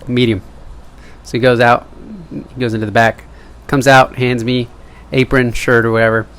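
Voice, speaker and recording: This mid-range male voice is slightly bright, with little pitch movement and a moderate pace. A young vlogger chats to the camera in a meandering monologue, making fun of himself and veering into asides.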